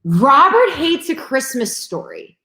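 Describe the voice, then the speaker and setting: A woman chatting casually about movies, animated and acting out scenes as she tells them. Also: sits high, takes it slowly. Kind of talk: casual chat. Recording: echoey room.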